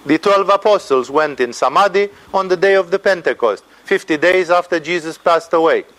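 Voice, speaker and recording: A man giving an informal spiritual lecture as a teacher, animated and conversational, tagging his points with "no?" and "you know". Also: fairly high pitch, moderate pace, low-quality recording. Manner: animated, acts out quoted voices, tags "no?" and "you know".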